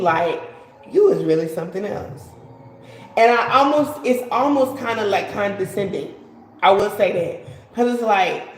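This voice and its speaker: A woman's voice: mid-range voice, roomy sound, a little hiss or hum, low-quality recording. A woman giving a casual live-stream tarot reading, rambling and repeating herself, often saying "like". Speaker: tarot card reader.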